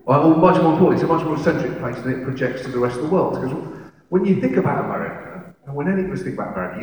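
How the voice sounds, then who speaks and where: A man's voice: medium pitch, a little mellow, slight background noise. A man doing stand-up storytelling with rambling, self-deprecating asides, on a stage in a large hall. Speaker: stand-up comedian. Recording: echoey hall, mic at a distance, audience ambience.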